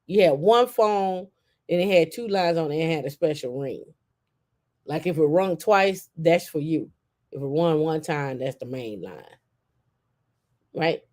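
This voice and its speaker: A woman host in casual chat, telling stories in an animated way and acting out quotes. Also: low-pitched. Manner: animated storytelling with acted-out quotes.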